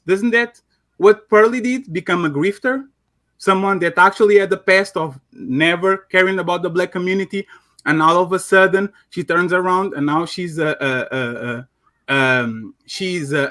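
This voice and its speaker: Accented male caller, raised pitch, persistent and confrontational. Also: fairly bright tone. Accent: foreign accent. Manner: pressing, argumentative.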